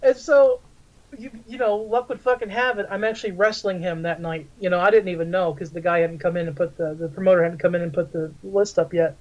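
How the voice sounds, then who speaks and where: A man's voice: high-pitched, fairly even intonation, fairly quick. A man hosting a talk radio show, telling a crude, rambling story and swearing freely. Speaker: radio show host and wrestler. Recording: dull lo-fi audio.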